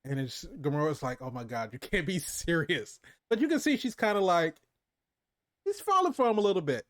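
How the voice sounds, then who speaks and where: A man talking through a film recap in a casual chat, his voice sitting a touch high. He tells the story with energy, slipping into quoted lines and laughing as he goes. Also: sing-song, fairly quick. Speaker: movie review co-host.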